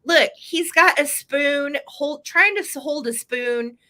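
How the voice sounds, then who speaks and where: A woman's voice: high voice, slow pace, bright, forceful tone. A woman hosting a live vintage sale, chatty and playful, laughing often as she shows collectibles and runs the bidding.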